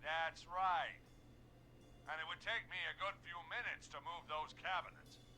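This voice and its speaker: An actor playing a gruff older male newspaper reporter calling into a radio show, brusque and cursing in an old-timey reporter voice. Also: on the high side, moderate pace, bright, forceful tone, slight background noise, low-quality recording. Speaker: caller.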